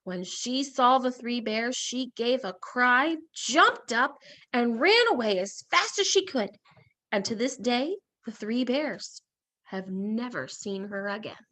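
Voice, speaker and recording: A woman teacher reading a story aloud in a lesson, expressive and asking questions. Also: fairly high pitch, slow pace.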